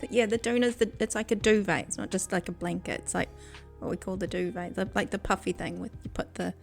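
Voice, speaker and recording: A woman's voice: medium pitch, fairly even intonation, fairly quick, creaky, soft background music. A woman with a New Zealand accent chatting casually with her viewers on a game stream, giggling often, at a desk microphone. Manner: giggly, chatty, talks to chat. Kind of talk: casual gaming stream chat.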